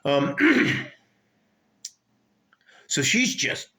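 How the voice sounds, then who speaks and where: Slow-talking older man ranting. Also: on the high side, big pitch swings, pushed and bright. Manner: profane, rambling, digressive. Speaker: vlogger. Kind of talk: rambling storytelling rant.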